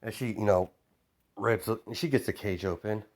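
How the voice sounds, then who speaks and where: A man's voice: fairly low pitch, normal speed. A man improvising a fan story as a storyteller, rambling with many fillers and self-corrections.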